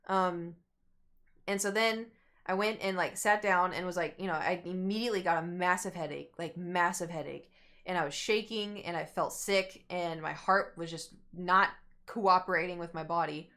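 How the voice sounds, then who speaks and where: A woman's voice: lowish voice, moderate pace. A young woman streamer telling a rambling story to her chat, acting out what people said. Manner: animated, rambling, acts out quotes.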